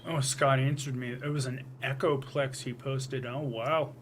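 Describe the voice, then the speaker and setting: A man's voice: mid-range voice, steady tone, a little slow, slight background noise. A man from Canada, co-hosting a casual guitar chat and laughing often. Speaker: co-host.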